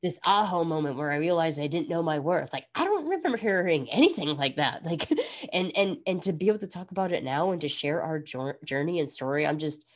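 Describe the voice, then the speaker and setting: A woman's voice: sits low, fairly quick, hardly any pauses. A woman in her thirties hosting a podcast, chatting casually and reflectively with many asides. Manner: reflective, rambling, animated. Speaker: podcast host. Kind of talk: casual chat.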